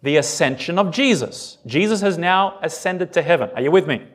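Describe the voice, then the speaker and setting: A man's voice: fairly high pitch, moderate pace. A man preaching a sermon, reading scripture and asking his congregation questions as he goes. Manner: animated, asks the congregation questions. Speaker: pastor.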